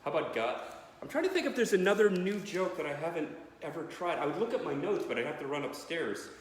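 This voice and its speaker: Animated comedian in an echoey living room. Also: male voice, on the high side, fast. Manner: rambling storytelling, loud and profane when acting out bits. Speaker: stand-up comedian. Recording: echoey room, faint background noise.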